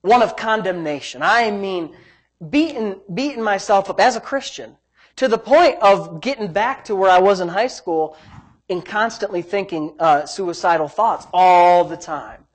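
Preaching in an unhurried, animated way, this man has a high-pitched voice. He's a pastor whose delivery leans on emphasis and repetition, punctuated often by interjections of "praise God."

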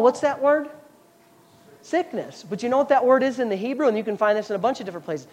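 A man's voice: high-pitched, sing-song, a little fast, pauses often, darkish tone. Fervent preaching man. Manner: fervent preaching with scripture reading; explanatory, chatty asides. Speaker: pastor. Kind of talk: sermon.

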